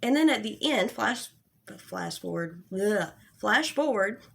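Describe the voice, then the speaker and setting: A young adult woman giving an angry, profane commentary rant, exasperated and sarcastic. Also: on the high side. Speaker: commentary YouTuber.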